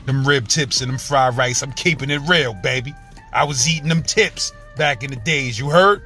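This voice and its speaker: A middle-aged Brooklyn man with a New York accent vlogs casually about food on a city street, loose and slangy, tagging every line with "you heard?" His mid-range voice is bright and forceful at a moderate pace, with soft music in the background.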